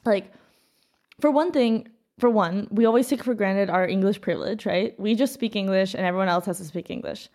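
An American woman in casual conversation, talking in an animated way with many "like" fillers. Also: mid-range voice, brisk.

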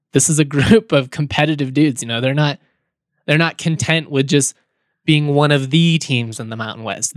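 A man hosts a sports podcast, chatting loosely with fillers and the odd chuckle. His voice sits a bit high, and the sound is dry and close, with no room around it. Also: no room sound. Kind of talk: casual podcast talk and read ad.

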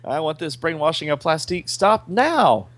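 A man voicing an angry male army colonel, shouting and indignant. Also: on the high side, big pitch swings, moderate pace, pitched above the performer's own voice. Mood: furious.

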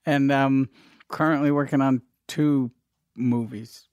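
Lively middle-aged man, acts out quotes, close dry mic. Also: mid-range voice, slow, clear, resonant tone, dry recording. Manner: animated storyteller, laughs often, acts out quotes. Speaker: filmmaker guest. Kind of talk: casual interview chat.

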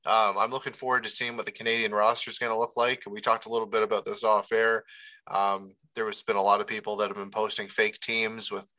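A man's voice: on the low side, flat delivery, a little fast, sharp tone, poor audio. A man co-hosting a hockey podcast in casual sports chat, easygoing and chuckling. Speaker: podcast co-host.

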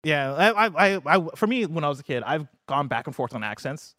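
Man from the US, upbeat podcast host, slightly high voice, dry close-miked sound, laughs easily. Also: very animated, fairly quick, sharp tone, no room sound. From United States. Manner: upbeat, laughs easily, trips over words. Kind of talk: casual gaming news chat.

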